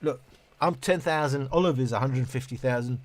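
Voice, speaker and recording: A man's voice: medium pitch, fairly quick. A British man hosting a casual live stream, reading viewer messages aloud and chatting in a rambling way with many restarts. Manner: self-deprecating, laughs at himself.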